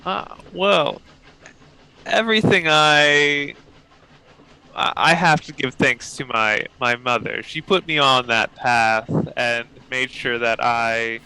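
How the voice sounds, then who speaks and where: A proud woman professor of science, played by a man at the tabletop, measured and faintly haughty. The voice is bright and crisp, pitched a little high for a man, and every word comes slowly and carefully. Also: heavily acted, rough recording. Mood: earnest. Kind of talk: tabletop role-play in character.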